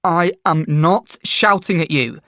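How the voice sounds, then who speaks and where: A woman reading a story aloud and voicing a hurt, quick-tempered teenage boy with loud, sharp outbursts. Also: lowish voice, dry recording. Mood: angry.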